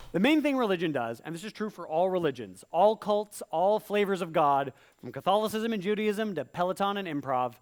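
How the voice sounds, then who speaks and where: A man performing stand-up comedy in rhyme on a live stage, slipping into quick voiced asides. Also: high voice, lively intonation. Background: audience laughter.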